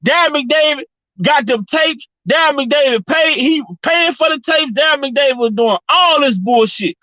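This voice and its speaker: Fired-up, high-voiced woman ranting. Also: normal speed, fairly bright tone, dry recording, lo-fi sound. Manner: profane, repetitive, fired-up. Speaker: commentary vlogger. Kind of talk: heated opinion rant.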